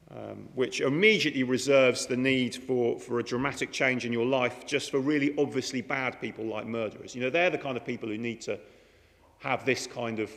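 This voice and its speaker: A man's voice: medium pitch, vocal fry. A man preaching a sermon in a chatty way, often asking the listeners rhetorical questions. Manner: conversational, many rhetorical questions. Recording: long hall reverb.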